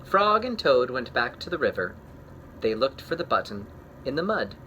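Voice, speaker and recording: A man reading a children's picture book aloud, gentle and expressive, talking kindly to young listeners. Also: mid-range voice, normal speed, slight background noise. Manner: gentle, warm-hearted and expressive, talks to kids. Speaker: children's story reader.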